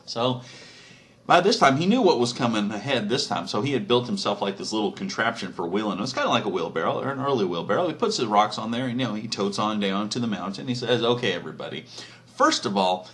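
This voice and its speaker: A man's voice: fairly low pitch, expressive, fast, fairly bright tone. A man telling a crude, profane comedic story in a rambling, casual way.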